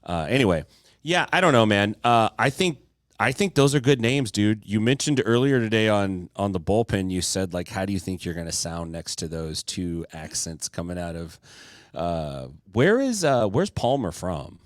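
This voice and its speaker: A man with a low voice that swings up and down, chatting loosely as a podcast host. He jokes and lapses into goofy impressions of people. He sounds close and dry, with no room around him. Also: normal speed, no echo. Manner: animated, jokey, does silly impressions. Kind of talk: casual chat.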